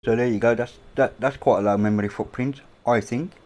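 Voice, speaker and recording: A middle-aged man with an English accent, hosting a casual livestream chat from a home, rambling and offhand with casual swearing, on a boom-mounted mic. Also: steady tone, brisk, a little mellow. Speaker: livestream host. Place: indoors at a home. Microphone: boom-mounted microphone.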